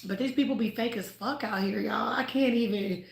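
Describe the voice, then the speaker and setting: A chatty, expressive woman who grew up in Ohio and Houston, talking casually about faith on a livestream and laughing often. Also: on the high side, moderate pace, creaky. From United States (Ohio, raised in Houston). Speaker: livestream host. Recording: roomy echo.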